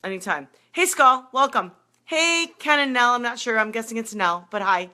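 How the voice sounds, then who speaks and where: A middle-aged woman coach talking fast and excitedly on a live video, greeting viewers by name between tips. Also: a little high. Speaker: running and triathlon coach.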